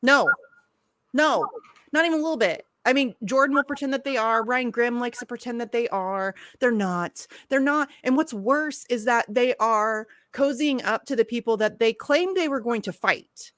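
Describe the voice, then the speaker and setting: A woman with a fairly high voice rants with open anger, swearing freely as she talks politics with her co-hosts. The sound is dry and close, with no room echo at all. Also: normal speed, a bit bright. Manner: angry, profane, ranting. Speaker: podcast co-host. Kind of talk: heated political chat.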